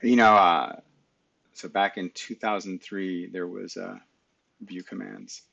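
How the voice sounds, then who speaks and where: Middle-aged male streamer, deep gravelly voice, talks back at his pc, webcam mic sound. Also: steady tone, takes it slowly, sharp tone, highs cut off. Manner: mutters to himself and talks back to his computer. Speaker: live stream host. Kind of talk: casual screen-share talk.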